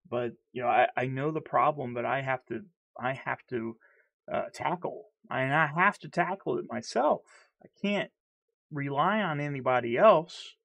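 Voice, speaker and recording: A man's voice: a little high, fairly bright tone. A man in a candid personal vlog, talking earnestly and heatedly, stuttering and repeating himself. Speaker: vlogger.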